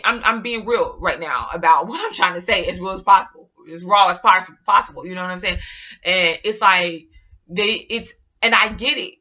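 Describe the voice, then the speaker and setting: Bright-voiced chatty woman vlogger. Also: medium pitch, lo-fi sound. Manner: animated, chatty, rambling, slangy. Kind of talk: casual monologue to camera.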